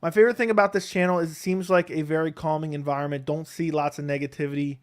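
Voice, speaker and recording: Talking fast, this MMA YouTube host from Connecticut runs a casual home live stream close to his desk mic. He works through viewers' questions one by one, loose and rambling, in a voice a bit higher than most men's.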